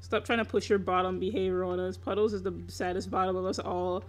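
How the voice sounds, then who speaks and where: A woman's voice: fairly low pitch, little pitch movement, fairly quick. A young woman chatting casually on a live stream while she draws, laughing often, swearing freely and teasing her viewers.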